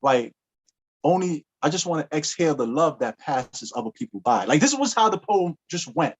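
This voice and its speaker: A man, a podcast guest, telling a story in casual talk and acting out the dialogue with big swings in pitch. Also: normal speed, husky. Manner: animated, acts out dialogue with jumps in pitch.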